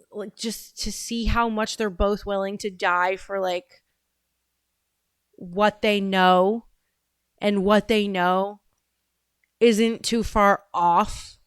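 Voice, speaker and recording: A woman's voice: medium pitch, clean tone, dry recording, clean studio sound. A woman hosting a casual commentary show, rambling with many fillers and restarts as she reacts to a video.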